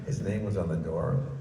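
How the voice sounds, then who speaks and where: A man's voice: deep voice, lively intonation, unhurried, a crowd in the background. An older man, a comedian, telling stories on stage in a chatty, self-amused way, in a large ballroom. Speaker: guest comedian. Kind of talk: storytelling on stage. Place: large ballroom at a book festival. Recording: echoey hall, far from mic, noisy.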